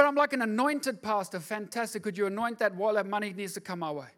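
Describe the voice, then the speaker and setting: High-voiced pastor preaching. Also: male voice, fast talker, hardly any pauses. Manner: shifts from hushed, intimate asides to loud, driving preaching; repeats words for emphasis. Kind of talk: sermon.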